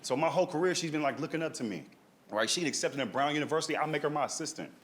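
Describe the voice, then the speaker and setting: A young man doing stand-up, telling a family story in a lively way and tagging his lines with "right?" and "dog". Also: a little high, racing. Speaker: stand-up comedian. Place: comedy stage.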